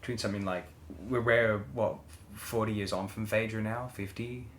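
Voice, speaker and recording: A man co-hosting a casual music review chat, halting and searching for words with many fillers. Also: lowish voice, steady tone, fairly bright tone. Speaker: podcast co-host. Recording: roomy sound with faint ambient noise.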